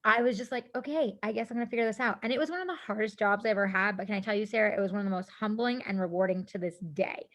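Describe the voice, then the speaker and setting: A woman guest on a podcast, telling a story in casual chat, animated, laughing often and acting out what people said. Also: mid-range voice, rapid-fire, few pauses. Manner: animated, laughing, acts out quotes, casual swearing.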